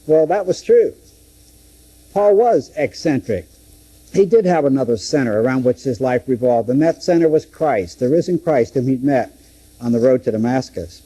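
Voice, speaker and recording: A man's voice: mid-range voice, animated, moderate pace, warm tone, breathy edge, poor audio. A man teaching through a Bible book, dramatically acting out the quoted speeches. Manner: dramatic, acts out scripture quotes.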